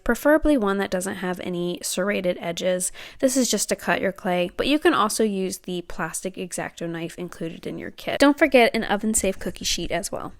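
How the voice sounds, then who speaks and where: Woman, relaxed craft tutorial host, chatty, ums, explains as she works. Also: mid-range voice. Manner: friendly, chatty, frequent ums, narrates her own hand work. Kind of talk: casual step-by-step craft demonstration.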